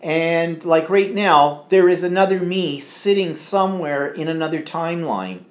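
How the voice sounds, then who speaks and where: A man co-hosting a live home stream, chatting casually and reading out viewer comments with lots of fillers. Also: fairly high pitch. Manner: rambling, chatty, filler-heavy. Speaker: co-host of a live stream show. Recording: echoey room.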